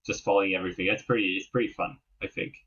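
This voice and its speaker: A man's voice: low voice, steady tone, racing, fairly bright tone, slightly rough. A man co-hosting a podcast in a casual book discussion, easygoing and hesitant. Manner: easygoing, hesitant, many fillers. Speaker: podcast co-host. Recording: dull lo-fi sound.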